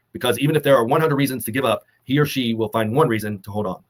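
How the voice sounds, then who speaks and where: A man co-hosting a fitness talk, delivering earnest, measured motivational advice and holding back emotion. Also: mid-range voice. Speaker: co-host of a fitness summit talk.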